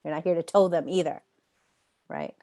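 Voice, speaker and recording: Yoga teacher-training instructor, woman with a lowish voice, chatty and emphatic, answers students by name. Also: very animated, moderate pace, mellow. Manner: emphatic, repeats phrases for effect, laughs often. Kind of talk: live online class lecture.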